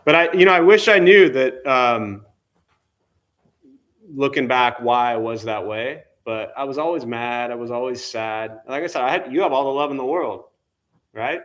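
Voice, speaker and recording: Speaking at a normal speed with a medium-pitched, slightly bright voice, a male meditation teacher gives a casual dharma talk in a temple meditation hall. He converses easily and often turns questions to those listening.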